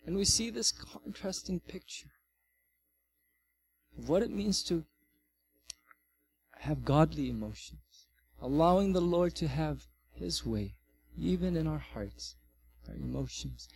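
A middle-aged male pastor giving a sermon, swinging from loud, emphatic passages to soft, quiet ones. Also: a little high, slow, vocal fry, long pauses, a little hiss or hum. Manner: animated, varies loudness widely.

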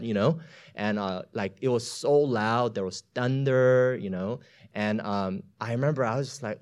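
A man with a mid-range voice preaches a storytelling sermon, chatty and full of filler words. He swings between hushed asides and loud emphasis.

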